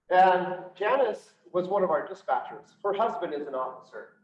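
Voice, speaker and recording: A man, a police officer, telling his personal story to an audience in an earnest way, slowing down for emphasis and acting out what others said. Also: high-pitched, expressive. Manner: earnest storytelling with quoted dialogue, slows for emphasis. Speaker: police officer and speaker on PTSD. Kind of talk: personal testimony talk to an audience. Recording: roomy echo from a distance, dull lo-fi sound.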